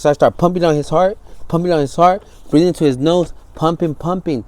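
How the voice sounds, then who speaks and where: A man from the San Francisco Bay Area gives a candid documentary interview, telling his story vividly, acting out scenes and swearing freely. He talks fast, with a fairly high pitch and a darkish tone, and there is no room sound.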